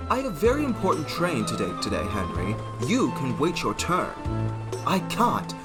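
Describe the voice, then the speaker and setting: A man's voice: a little high, wildly swooping pitch, moderate pace, loud music behind the voice. A man voicing bickering talking engines. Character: several talking steam and diesel engines, all male. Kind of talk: fan audio drama.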